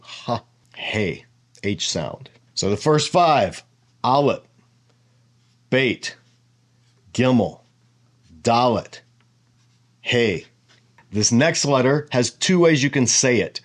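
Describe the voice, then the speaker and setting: Casual teacher: man, lowish voice, explains patiently and muses aloud mid-lesson. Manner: explanatory, thinking aloud with asides. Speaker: Bible teacher.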